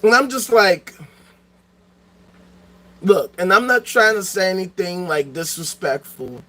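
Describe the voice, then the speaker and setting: A man with a high, bright voice holds forth alone on his show. His talk is profane and excitable, and it often flares into shouting. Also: a little slow. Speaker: podcast host. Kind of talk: solo philosophical rant.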